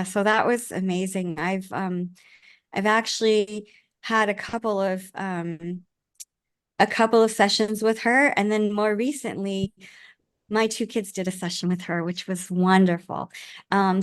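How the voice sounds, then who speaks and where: Middle-aged woman, podcast guest, heartfelt and earnest, mid pitch, dry recording. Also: measured pace, clean tone, no room sound. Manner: earnest, heartfelt, frequent restarts. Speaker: podcast guest, author and life coach. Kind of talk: casual interview conversation.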